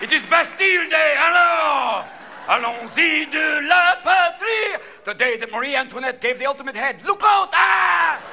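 A man putting on a blustering, shouting Frenchman. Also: very high-pitched, animated, moderate pace, gravelly, some chatter behind, slight background noise, pitched above the performer's own voice, heavily acted. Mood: defiant. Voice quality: loud, blustering. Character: brash shouting Frenchman, proud and rude. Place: theater stage before a live audience.

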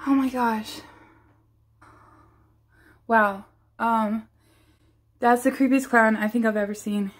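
A woman's voice: fairly high pitch, fairly even intonation, slow, pauses often. A woman vlogging a staged scare, giggling and exclaiming breathlessly in mock fright. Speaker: family vlogger. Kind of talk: staged prank vlog.

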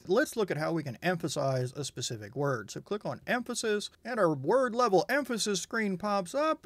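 A man casually walking through a software tool in a screen tutorial, thinking aloud with wry, candid remarks. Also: fairly high pitch, creaky, dry recording. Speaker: software reviewer.

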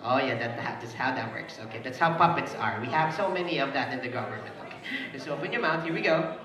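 A man's voice: medium pitch, expressive, fast talker. Playful man emceeing a party. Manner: playful, teasing, laughs often. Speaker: party entertainer. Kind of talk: party emcee with audience banter. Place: indoor party venue. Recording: echoey party hall, distant mic, crowd.

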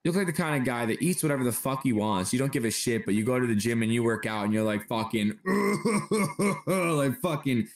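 A man's voice: mid-range voice, expressive, brisk, few pauses. A man chatting hyped and joking with a stranger over video chat. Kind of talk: casual chat. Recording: echoey room, faint music behind.

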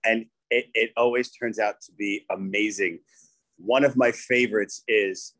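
A man's voice: on the low side, fairly even intonation, a little slow, a bit bright, no room sound. A man calling in to a training group, thankful and tripping over his words with restarts. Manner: grateful, stumbling restarts. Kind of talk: casual chat.

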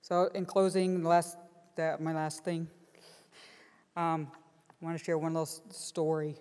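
A middle-aged woman giving a keynote address in a large conference hall, earnest and lively as she tells a story. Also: sits low, measured pace, clean tone. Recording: long reverb of a conference hall.

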